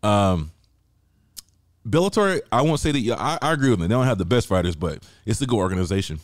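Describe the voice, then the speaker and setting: A man co-hosting a podcast, loud, profane and joking in casual chat. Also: fairly low pitch, animated, fast talker, dry recording, clean studio sound. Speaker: podcast co-host. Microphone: studio mic.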